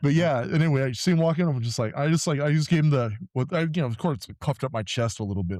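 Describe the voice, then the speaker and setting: A man co-hosting a podcast, chatting quickly and telling stories. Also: fairly high pitch, animated, a little mellow, dry recording, studio quality. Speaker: podcast co-host. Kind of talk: casual chat.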